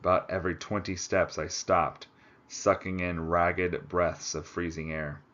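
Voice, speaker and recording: A man reads a story aloud and drops in relaxed, chatty asides of his own. His voice sits low. The recording is slightly muffled and lo-fi. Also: measured pace. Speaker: audiobook reader. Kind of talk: book reading with casual asides.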